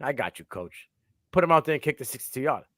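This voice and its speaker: A male co-host giving animated, profane takes on a sports talk livestream. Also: mid-range voice, fast talker, no echo, clean studio sound.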